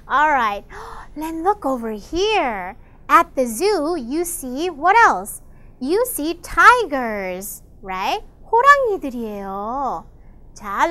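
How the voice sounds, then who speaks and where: Excited woman teaching kids a storybook, swoopy voice, gasps a lot. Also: sits high. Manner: enthusiastic, gasps often, explains in Korean. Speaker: English teacher reading a picture book. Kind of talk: bilingual storybook lesson for children.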